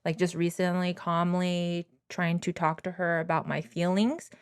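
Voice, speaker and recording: A young woman co-hosting a podcast in casual chat, animated and acting out quoted lines in a raised voice. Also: lowish voice, measured pace, clear, resonant tone, dry recording, clean studio sound. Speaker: podcast co-host.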